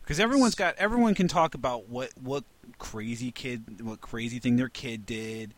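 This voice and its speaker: A man co-hosting a casual chat, an animated storyteller who swears freely and laughs often. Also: medium pitch, normal speed. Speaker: podcast co-host.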